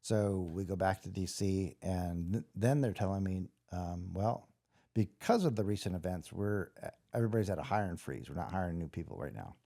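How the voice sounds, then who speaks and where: Laid-back middle-aged man, low dark voice. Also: normal speed, creaky. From Los Angeles. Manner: rambling, conversational, many restarts, acts out quoted voices. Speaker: guest, former special operations soldier. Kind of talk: casual storytelling interview.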